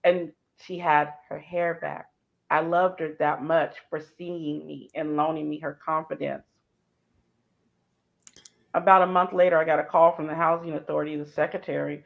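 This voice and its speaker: Gravelly woman telling a heartfelt story. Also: sits low, moderate pace, highs cut off. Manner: animated, acts out dialogue. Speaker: guest. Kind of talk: emotional storytelling.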